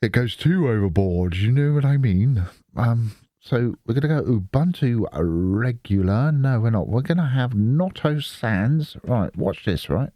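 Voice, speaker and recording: A man's voice: medium pitch, lively intonation, a little slow, mellow, no echo. A middle-aged man from the Isle of Wight, chatting in a rambling way and swearing freely while he records his screen. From Isle of Wight, England. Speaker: Linux video host. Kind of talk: casual screen-recording commentary.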